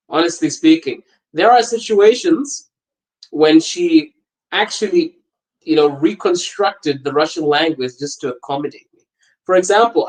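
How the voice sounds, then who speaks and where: Laughing, animated man telling stories. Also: on the high side, poor audio. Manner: animated anecdotes, laughs often. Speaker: podcast host. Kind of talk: casual storytelling chat.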